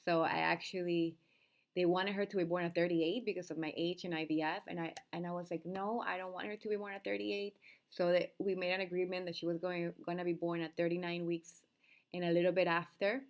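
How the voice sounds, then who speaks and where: Casting: middle-aged woman, low gravelly voice, earnest unscripted monologue to camera. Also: flat delivery, a little fast. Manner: emotional, earnest, rambling with restarts and soft laughs. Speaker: vlogger sharing her birth story.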